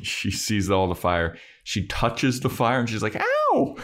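Low-voiced man recapping a TV episode. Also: a bit bright. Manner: retells scenes acting out characters' lines, laughs often. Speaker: podcast co-host. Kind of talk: casual recap chat.

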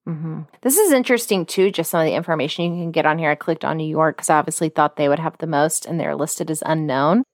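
A woman co-hosting a podcast in casual chat, chatty and quick with asides as she reads names and notes aloud. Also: low-pitched, no echo, studio quality. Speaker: podcast co-host.

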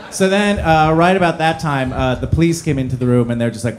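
A man from New Jersey telling a personal story live, self-deprecating and halting with many fillers. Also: a little high, a little hiss or hum.

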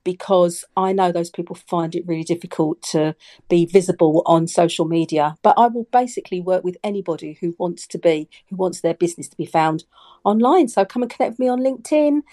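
A woman's voice: fairly low pitch, a little fast, warm tone. A woman guest on a podcast, a personal branding coach, talking earnestly with many restarts. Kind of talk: casual podcast chat.

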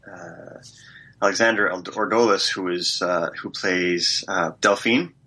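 A man's voice: low voice, steady tone, a little slow, pushed and bright, breathy edge. A man, an actor guest, talking enthusiastically in a casual interview, with frequent restarts.

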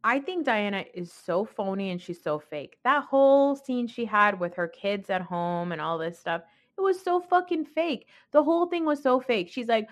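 A woman's voice: mid-range voice, animated, normal speed, hardly any pauses. Blunt, opinionated woman podcast host. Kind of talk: casual recap commentary.

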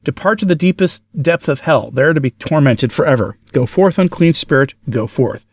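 A man's voice: fairly high pitch, expressive, normal speed, no echo. A man voicing a stern bishop performing an exorcism, solemn and commanding, in an audio story. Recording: dry, from far off the mic.

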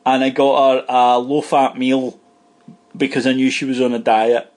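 A Scottish man in casual podcast chat, his voice sitting in an ordinary middle pitch. He wanders through anecdotes with plenty of asides and laughs at his own tales. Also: little pitch movement, normal speed, a little mellow. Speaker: podcast co-host.

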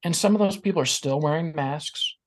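A man's voice: a little high, a little fast. A man speaking earnestly and reflectively as a guest in a casual podcast conversation.

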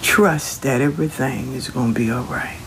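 A man's voice: mid-range voice, normal speed, creaky, a bit bright, slight background noise. A man talking casually and reassuringly, giving folksy spiritual advice, sometimes dropping to a whisper. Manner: Southern Black vernacular, folksy, reassuring, drops into whispers. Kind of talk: casual inspirational talk.

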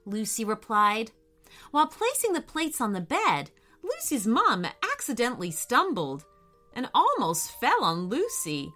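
A woman reading a children's story aloud in an expressive, unhurried way. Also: mid-range voice, faint music behind.

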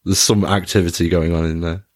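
A man's voice: low-pitched, level tone, brisk, breathy edge, dry recording, clean studio sound. A man narrating a tabletop game as game master, in a wry, wordy storytelling manner.

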